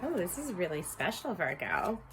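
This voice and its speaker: A woman's voice: fairly low pitch, wildly swooping pitch, normal speed, background noise. A woman in her thirties giving a casual tarot reading at home, chatty and rambling, laughing often and talking to viewers like friends. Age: 30s. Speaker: tarot reader.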